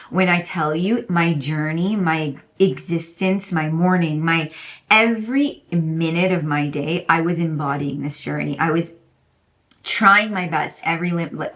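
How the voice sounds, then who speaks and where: A woman's voice: low-pitched, fairly bright tone. A young woman talking casually and effusively to camera about self-belief, rambling and repeating herself for emphasis. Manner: gushing, rambling, emphatic repetition. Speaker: self-development course creator. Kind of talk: casual motivational vlog.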